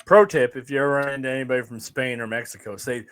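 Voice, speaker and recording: A man's voice: medium pitch, quick pace, fairly bright tone, no room sound. Joking man co-hosting a podcast. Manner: joking, teasing. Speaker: podcast co-host. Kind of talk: casual chat.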